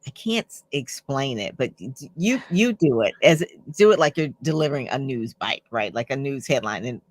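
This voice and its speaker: Hosting an interview conversation, a woman with a bass voice and lively intonation speaks at a moderate pace, frequently agreeing and responding with enthusiasm in a chatty, affirming way. There's no room sound.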